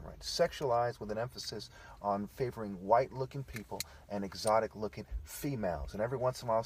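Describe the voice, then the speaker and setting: A man's voice: fairly low pitch, slight background noise. A man delivering a combative, profane, preachy monologue, tagging his points with "okay" and "right.". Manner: repeats "okay" and "right" as tags. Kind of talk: ranting monologue.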